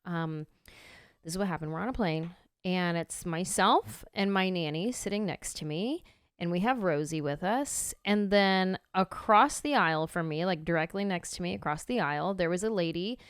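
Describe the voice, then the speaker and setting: A woman in her thirties hosting a podcast, telling a story in a casual, animated way and acting out her own reactions. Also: fairly low pitch, normal speed, clean tone, no room sound, clean studio sound. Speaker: podcast host.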